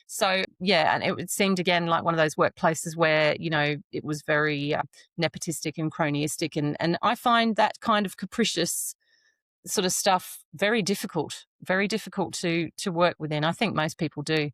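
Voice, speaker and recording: A woman with a slightly low voice reflects in casual podcast chat and acts out her own past reactions as she tells them. The sound is close and dry. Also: moderate pace, fairly bright tone, no echo. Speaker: podcast co-host.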